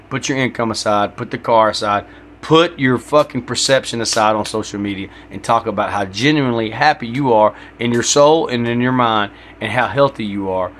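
A man's voice: medium pitch, a bit bright, a little hiss or hum. A man hosting a solo podcast, ranting bluntly with heavy profanity in a preachy tone. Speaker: podcast host.

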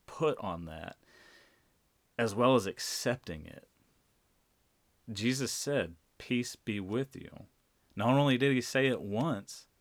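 A man preaches a sermon, unhurried and deliberate, leaning on repeated phrases for emphasis. His voice sits a little low, and he takes his time over every line. The sound is dry and close, with no room around it. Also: no echo. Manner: slow, deliberate, emphatic repetition.

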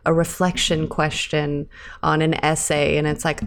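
A woman's voice: deep voice, level tone, normal speed. A woman in casual podcast chat, easygoing and wry.

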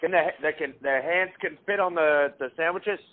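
A man's voice: fairly high pitch, moderate pace. A man making a prank phone call, rambling and hesitant with lots of fillers. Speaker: prank caller. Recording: tinny phone line.

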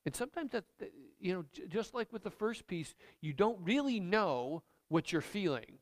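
High, animated male pastor preaching. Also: normal speed. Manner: animated, emphatic, conversational preaching. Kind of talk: sermon.

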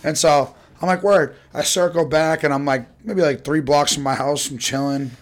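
Speaking in a slightly high, steady voice at a moderate pace, a young man casually recounts rowdy stories, cursing freely and imitating the voices of the people involved.

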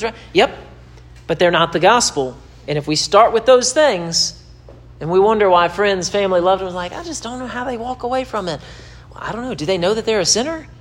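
A man's voice: sits high, lively intonation, a little fast. A man preaching to camera in a sermon-style teaching, emphatic and repetitive, his voice climbing when he presses a point. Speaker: pastor.

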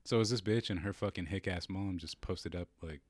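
Fast-talking low-voiced young man. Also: no room sound. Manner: profane storytelling, animated quoting. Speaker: podcast co-host. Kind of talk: casual chat.

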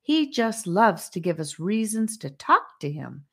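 A woman's voice: medium pitch, big pitch swings, normal speed, pitched above the performer's own voice. A woman voicing a dramatic, theatrical little girl who speaks in a sing-song way.

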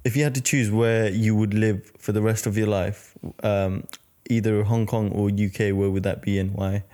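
Relaxed male podcast host, low voice. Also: moderate pace. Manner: relaxed, asks short questions. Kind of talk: casual interview chat.

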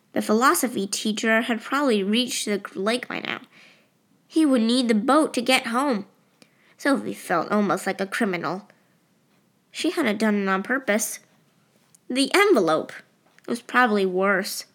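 A woman narrating a novel in a steady, expressive storytelling manner. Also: mid-range voice. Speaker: audiobook narrator. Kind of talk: scripted narration.

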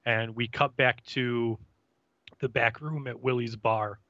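A man co-hosting a podcast, recapping an episode in a relaxed, halting way with fillers. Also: medium pitch, dry recording, dull audio. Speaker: podcast co-host. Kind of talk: casual recap chat.

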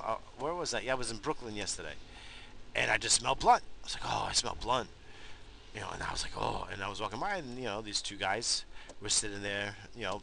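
Middle-aged man from New York, gravelly bright voice, rambling car vlog with faint background hiss. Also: fairly low pitch. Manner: profane, laid-back, laughing storyteller. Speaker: vlogger. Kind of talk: casual rambling monologue. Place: parked car.

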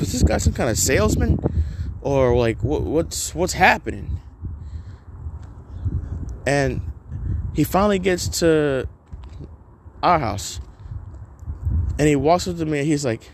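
A man's voice: fairly high pitch, a little mellow, a little hiss or hum. A man hosting a podcast alone, telling a story in a rambling, profane way full of filler words. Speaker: podcast host. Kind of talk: casual solo storytelling.

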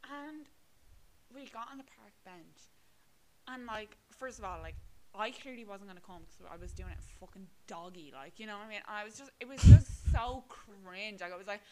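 A woman's voice: mid-range voice, expressive, normal speed, dark tone, low-quality recording. A young Irish woman co-hosting a podcast, chatting casually, swearing a lot and filling her talk with "like" and "right?". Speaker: podcast co-host. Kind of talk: casual chat.

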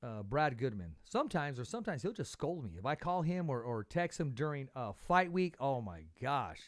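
A man hosting a podcast, telling stories in a casual, animated way, repeating words as he talks. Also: medium pitch, moderate pace. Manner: animated storyteller, repeats words, laughs often. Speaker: podcast host. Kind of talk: casual interview chat.

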